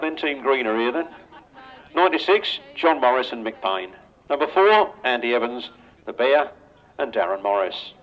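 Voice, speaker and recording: Over a public address loudspeaker at an outdoor racetrack, an older Englishman with a mid-range voice introduces the riders and calls a grasstrack race live. He is chatty and jokey, bantering with the riders, and the outdoor recording sounds dull and lo-fi.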